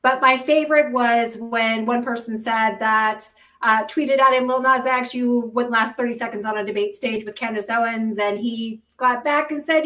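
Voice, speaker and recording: A woman's voice: fairly high pitch, fairly even intonation, moderate pace, bright, forceful tone, recorded from a distance. A woman hosting a live news stream, chatting sarcastically with many fillers. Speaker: host. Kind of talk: casual news commentary. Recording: echoey room, off mic.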